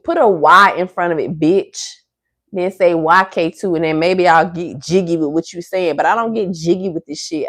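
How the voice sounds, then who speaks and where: A woman's voice: fairly low pitch, a bit bright, no room sound, clean studio sound. A woman hosting a livestream in casual, rambling chat, swearing freely as she rants at commenters. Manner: profane, ranting at commenters; loose, rambling talk to viewers. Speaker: livestream host.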